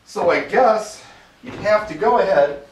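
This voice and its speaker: A man's voice: high voice, animated, measured pace. A man casually narrating how he sets up DJ gear, talking to himself as he works, a little out of breath from the lifting. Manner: chatty, self-narrating while working, mild humor. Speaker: mobile DJ demonstrating gear. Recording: echoey room, mic far off, faint hiss.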